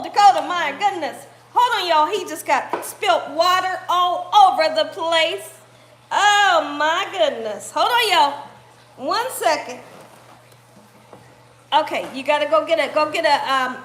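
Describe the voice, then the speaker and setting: A woman's voice: sits high, fairly bright tone, a little hiss or hum. A woman hosting a live cooking stream from her home kitchen. She chats with viewers, greets them by name and laughs often. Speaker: cooking channel host.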